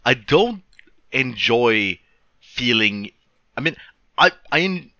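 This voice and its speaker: A man with a very bright, sharp voice talks through a film in halting, thoughtful sentences. The sound is dry and a bit dull, like a lo-fi recording. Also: mid-range voice, sing-song, no echo. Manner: thoughtful, halting, restarts often. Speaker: podcast co-host. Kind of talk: casual film review chat.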